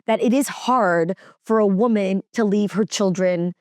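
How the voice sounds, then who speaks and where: A woman's voice: medium pitch, a little slow, a little mellow, no room sound, clean studio sound. A woman guest, a working mom and TV reporter, telling personal stories in a casual podcast chat, earnest and full of "like" fillers and restarts.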